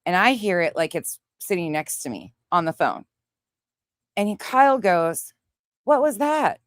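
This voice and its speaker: Low-voiced woman telling a wild story. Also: moderate pace, no echo, studio quality. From Montana. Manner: profane, animated storyteller. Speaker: livestream host reading chat. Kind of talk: casual storytelling chat.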